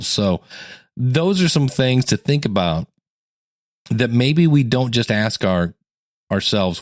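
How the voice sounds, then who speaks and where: A man hosting a teaching podcast in a casual, conversational way, acting out quotes with sudden jumps in pitch. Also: big pitch swings, slow pace, long pauses, dry recording, clean studio sound. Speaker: podcast coach and host.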